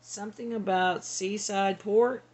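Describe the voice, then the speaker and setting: A woman psychic medium relays channeled messages in a halting, tentative way. She talks slowly, at a middling pitch, often trailing off. Faint noise hums underneath. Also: fairly even intonation, darkish tone. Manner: hesitant, tentative, laughs between.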